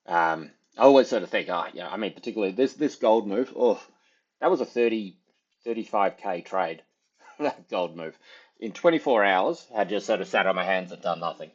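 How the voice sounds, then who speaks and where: A man's voice: lowish voice, animated, normal speed, slightly rough, highs cut off. A man, giving casual, rambling market commentary as a trader, full of fillers and hedges. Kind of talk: casual market analysis over charts.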